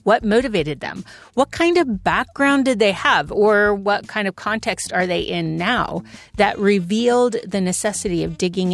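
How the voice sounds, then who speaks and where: A woman's voice: mid-range voice, creaky. A woman hosting a podcast, introducing her guest with earnest enthusiasm. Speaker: podcast host. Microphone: podcast studio microphone.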